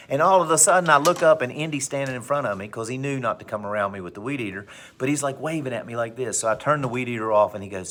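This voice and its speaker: A male teacher telling a personal anecdote to his class, with big animated swings in pitch and pace. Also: fast, hardly any pauses, slight background noise. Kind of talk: storytelling in class.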